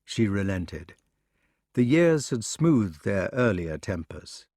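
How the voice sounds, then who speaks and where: A man reading a novel aloud as an audiobook narrator, measured and storytelling. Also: fairly low pitch, expressive, no room sound, clean studio sound. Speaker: audiobook reader. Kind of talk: scripted narration.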